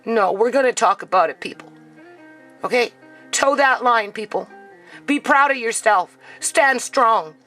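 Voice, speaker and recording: A woman's voice: on the high side, animated, a little slow, a bit bright, soft background music, rough recording. A grieving mother talking to camera in an emotional vlog, near tears, who keeps asking "okay?" and calling out to "people".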